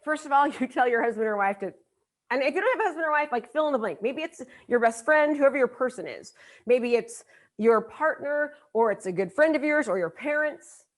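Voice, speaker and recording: A middle-aged woman with a slightly high voice speaks as a business coach at a live event. She talks emphatically and drives her points home by repeating them. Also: lively intonation, a little fast. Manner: emphatic, repeats key lines for effect. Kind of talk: motivational seminar talk.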